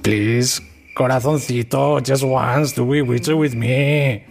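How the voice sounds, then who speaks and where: A man voicing a pleading Mexican lover, with a put-on mock Mexican accent and slow crooning delivery. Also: mid-range voice, fairly even intonation, vocal fry, soft background music.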